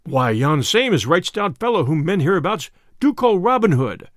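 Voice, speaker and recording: A man's voice: a little high, sing-song, moderate pace, no echo, clean studio sound. A man putting on a wily, greedy innkeeper. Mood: soothing. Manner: fawning then stubborn, old-fashioned speech. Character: greedy, wheedling male innkeeper.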